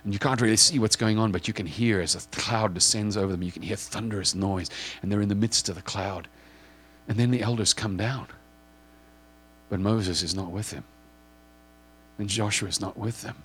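A man's voice: fairly low pitch, moderate pace, a bit bright, husky. A man preaching as he guides listeners through a vivid scripture scene in the second person, with repetitive phrases that build in intensity.

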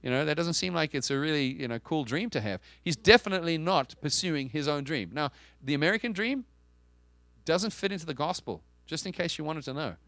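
A man's voice: on the high side, expressive, fairly quick, a bit bright, dry recording. A man preaching a sermon in a conversational, emphatic way, asking the listeners questions and often restarting his sentences. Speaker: pastor.

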